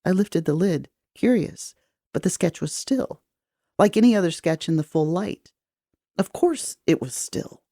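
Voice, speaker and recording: A woman reading first-person audiobook narration in a measured, even way. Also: lowish voice, no echo, clean studio sound.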